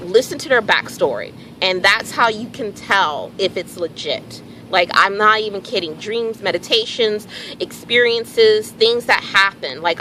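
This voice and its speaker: A woman telling a personal story in a casual, animated way, acting out bits of dialogue and swearing freely. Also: mid-range voice, slight background noise, rough recording. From Houston area, Texas. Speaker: vlogger.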